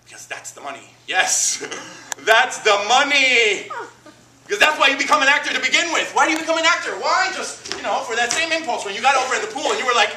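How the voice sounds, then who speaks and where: Man from Miami doing a solo comic monologue, high voice, echoey stage from afar. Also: fast talker, far from the mic. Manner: animated, self-mocking storytelling. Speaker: solo performer. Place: theater stage. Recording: roomy stage taped from afar, noisy.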